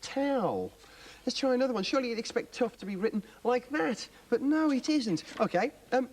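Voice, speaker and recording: Welsh male presenter, patient and encouraging, animated pitch. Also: fairly quick. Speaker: co-presenter teaching. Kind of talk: children's TV lesson.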